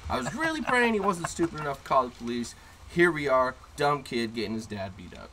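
Brash male co-host, bright forceful voice, foul-mouthed storyteller, faint noise behind. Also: mid-range voice, brisk, rough recording. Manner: brash, profane, animated storytelling. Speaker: podcast co-host. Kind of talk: casual storytelling chat. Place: inside a car.

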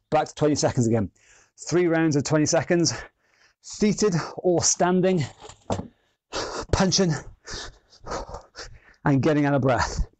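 A man's voice: mid-range voice, darkish tone, dry recording. A man leading an online workout class, counting down rounds and encouraging people in an upbeat way. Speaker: fitness instructor.

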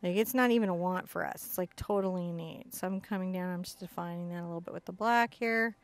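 A woman teaching an acrylic painting lesson, chatty and excitable, often bursting into giggly enthusiasm. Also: on the low side, fast, no echo. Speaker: art instructor.

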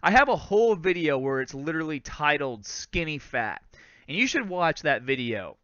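A man's voice: fairly high pitch, big pitch swings, normal speed, fairly bright tone, clean tone, no echo, lo-fi sound. Chatty man with a light Boston accent. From Lawrence, Massachusetts. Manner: chatty, laughs often, says "bro" and "guys". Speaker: fitness host. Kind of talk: live stream Q&A, casual chat.

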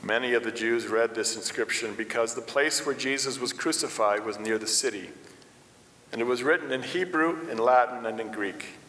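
A male pastor giving a steady, even-paced scripture reading during a church service. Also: mid-range voice, moderate pace, slight background noise. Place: church sanctuary. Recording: echoey church hall.

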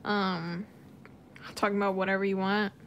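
A woman's voice: mid-range voice, little pitch movement, normal speed, a bit bright, slight background noise. A young woman doing her nails on a casual live stream, chatting and laughing often. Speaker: nail artist streamer.

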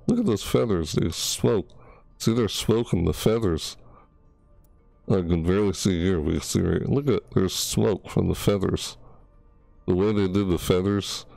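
Male gaming host, dark and dry-sounding, slow and excitable, gushes over new unlocks. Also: low voice, gravelly, dry recording. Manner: excitable, gushing, yelps and gasps at new items; stumbles over names. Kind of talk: casual game showcase commentary.

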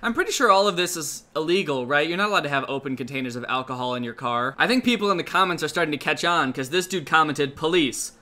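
A young man delivers sarcastic reaction commentary in a bright, slightly high voice. He mostly stays dry and deadpan, then suddenly bursts out in exasperation. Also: fast talker, hardly any pauses. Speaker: commentary YouTuber.

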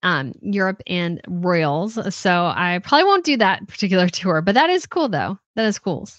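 A woman's voice: lowish voice, animated, normal speed, fairly bright tone, no echo. A woman hosting a royal news live stream, chatting casually, reading out viewer comments and answering them with frequent laughs. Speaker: host of a royal news channel.

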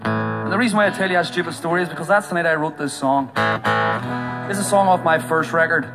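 A man's voice: a little high, fast, low-quality recording. A man, a singer-songwriter, chatting and joking with a live audience between songs. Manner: joking and self-deprecating. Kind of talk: stage banter between songs. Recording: live music over the voice.

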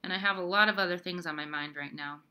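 A woman's voice: on the low side, quick pace, bright, forceful tone, clear, resonant tone. Woman reading as a weary, tired older sister. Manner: tired, sighing, reassuring.

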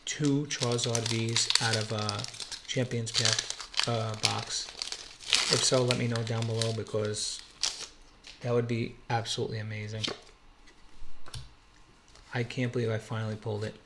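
A man opens trading card packs in a quiet room at home for his channel, his medium-pitched voice showing little pitch movement at normal speed with long pauses. He calls out every card and exclaims happily at a rare pull, though heavy background noise runs underneath.

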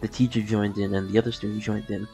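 Gravelly young man telling a story. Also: lowish voice, flat delivery, quick pace, dark tone, faint music behind. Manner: rambling, many fillers, acts out quotes. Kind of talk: casual storytelling.

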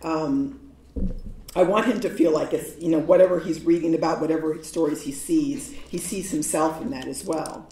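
A woman from New York giving a lecture, telling stories in a lively, humorous way. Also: sits low, moderate pace, a little hiss or hum. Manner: animated, humorous storytelling with laughs. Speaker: guest lecturer. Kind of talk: storytelling lecture. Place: large lecture hall. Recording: echoey hall, voice from far off.

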